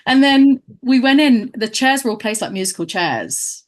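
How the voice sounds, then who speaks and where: Animated woman telling stories. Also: on the high side, normal speed. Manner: animated storyteller, acts out quotes, laughs often. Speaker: guest, actress and comedian. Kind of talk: casual anecdote telling.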